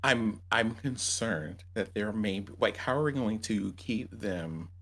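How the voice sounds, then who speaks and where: A man playing a tabletop game, reasoning things through in a thoughtful, measured way. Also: lowish voice, fairly bright tone. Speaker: player. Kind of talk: casual tabletop role-play.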